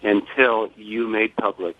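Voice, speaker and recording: An older man speaking in a measured, formal way as a guest on a phone interview. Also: on the low side, level tone. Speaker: guest, father of a fallen soldier. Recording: tinny phone line.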